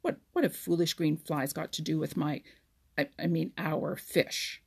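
A hot-tempered young otter who snaps out his complaints and trips over his words, as a woman reading a storybook puts him on. The voice is husky and a touch gravelly. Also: low voice, fairly even intonation, measured pace, a little mellow, full character voice. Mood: angry, snapping. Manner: snappish, stammering.

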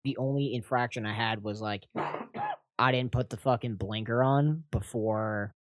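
A man's voice: medium pitch, steady tone, normal speed, dry recording, studio quality. A young man, a comedian on a podcast, chatting casually, swearing and using lots of fillers. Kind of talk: casual chat.

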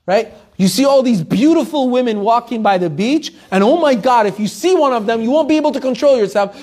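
Male Torah teacher, fairly high voice, lively storyteller who acts out the people in his tales. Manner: animated storytelling, acting out the people in his stories.

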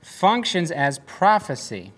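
A man giving a casual, story-filled sermon, chatty and animated, often laughing and acting out what people said. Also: a little high, slow pace. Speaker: pastor.

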